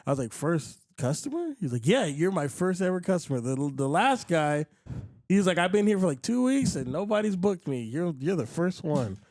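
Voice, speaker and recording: A man hosting a podcast, telling a story in casual chat, animated and acting out other people's lines, with frequent swearing. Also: sits high, moderate pace, dry recording, studio quality. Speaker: podcast host.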